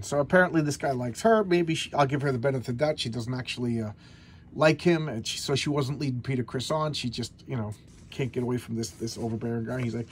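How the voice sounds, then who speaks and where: A man's voice: mid-range voice, brisk, breathy edge. A man casually reviewing an old comic, rambling with many restarts. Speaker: comic book collector vlogger.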